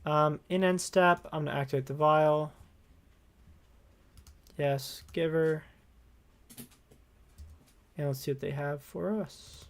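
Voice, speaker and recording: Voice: mid-range voice, fairly even intonation, slow, long pauses. Easygoing player thinking aloud mid-game. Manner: casual, thinking aloud while playing. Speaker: streamer playing a card game online. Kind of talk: live gameplay commentary.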